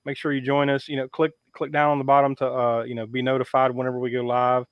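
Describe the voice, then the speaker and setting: A man's voice: medium pitch, completely flat delivery, fast, smooth, no echo. Man hosting a casual live podcast, wry and joking. Lo-fi mic with a dry, dead room. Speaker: podcast host. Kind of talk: casual live-stream chat. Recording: dull lo-fi sound.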